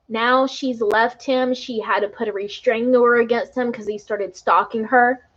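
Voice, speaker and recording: A woman with a slightly high voice talks to her live-stream viewers as a tarot reader. She speaks earnestly and with feeling, often checking in with a quick "right?". The stream audio is dull and lo-fi. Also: fairly even intonation, fairly bright tone. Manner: earnest and emotional, tag questions like "right?".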